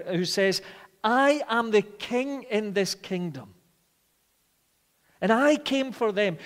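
A male preacher delivering a sermon with a fairly high voice. He hammers his points home, then drops to a hush before rising again. The sound carries a long reverb from a large hall. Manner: emphatic, swings between loud declarations and quiet reflection.

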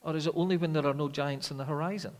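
Man, preaching a sermon, slightly high voice, dramatic loud-soft swings, long church reverb. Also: steady tone, racing. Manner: dramatic, swings from loud rhetorical questions to quiet intensity.

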